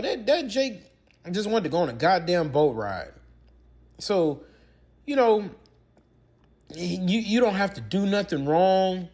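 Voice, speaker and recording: Casting: male preacher-commentator, higher voice, very lively swings, emphatic and repetitive, rhetorical questions. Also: unhurried, long pauses. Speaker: religious commentator. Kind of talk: preaching commentary with scripture reading.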